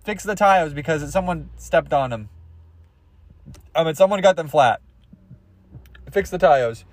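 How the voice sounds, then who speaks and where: A man's voice: fairly high pitch, a little slow, dry recording. A young man hosting a podcast, rambling through crude, goofy comedy bits and jumping into silly voices. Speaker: podcast host.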